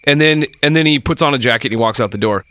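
A man's voice: mid-range voice, quick pace. A man casually telling a story about a night at a bar, swearing freely and acting out the voices of the people in it. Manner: profane, animated, acts out quoted voices.

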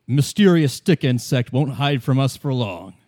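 A man's voice: medium pitch, expressive, moderate pace, a little mellow, lightly acted. A man voicing a cheerful, fussy old male scientist who stammers, in a tabletop role-play. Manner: chipper, stammering.

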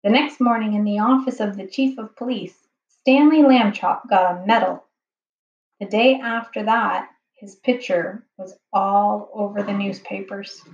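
A woman reading a children's book aloud slowly and carefully as the narrator. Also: mid-range voice, a little mellow. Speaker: storyteller. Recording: dull, roomy home recording.

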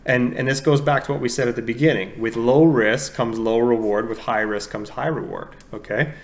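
A man's voice: medium pitch, steady tone, normal speed. Man explaining casually. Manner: explains step by step, tags points with "okay?". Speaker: podcast co-host.

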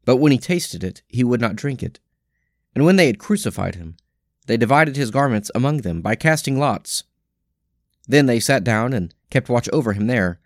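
A man reading daily scripture lessons and prayers in a measured, solemn way. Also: medium pitch, expressive, dry recording, studio quality. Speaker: scripture reader.

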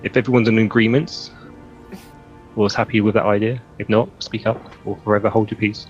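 A man playing a tabletop game, calmly planning out loud in casual chat. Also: on the low side, a little fast, soft background music. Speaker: player. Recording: dull lo-fi sound.

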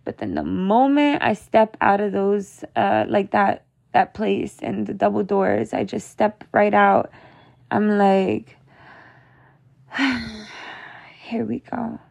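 A woman's voice: mid-range voice, expressive, slow pace, gravelly, a little mellow. A young woman talking to her viewers as a mother, venting in a casual, rambling, emotional way, full of "like" and "you know.". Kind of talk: casual confessional monologue.

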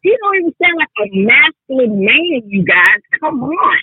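A woman calling in to a talk show, talking with animated emphasis and often cutting in. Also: high voice, normal speed, husky, no echo. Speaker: caller. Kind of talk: call-in show chat. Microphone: phone. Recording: tinny phone line.

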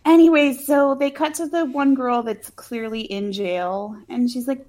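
A woman's voice: sits high, steady tone, unhurried, hardly any pauses, darkish tone. A woman co-hosting a casual talk show, recapping a movie in a chatty, sarcastic way with lots of fillers and the odd swear. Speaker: podcast co-host.

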